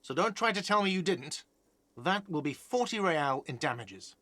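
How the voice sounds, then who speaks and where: A sarcastic, curt hostel manager. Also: male voice, fairly high pitch, sing-song, moderate pace, fairly bright tone. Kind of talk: game voice acting.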